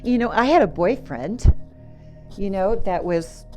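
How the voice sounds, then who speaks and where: A middle-aged woman telling a personal story in a halting way, with many "you know"s, restarts and small laughs. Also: medium pitch, expressive, darkish tone, soft background music.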